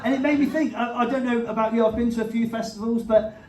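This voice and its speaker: A man's voice: very high voice, steady tone, quick pace, warm tone. A man performing a live stand-up set, chatty and self-mocking, often laughing at his own jokes. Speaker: stand-up comedian. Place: live comedy venue with an audience. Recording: roomy venue audio, captured from a distance with crowd laughter. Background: audience laughter.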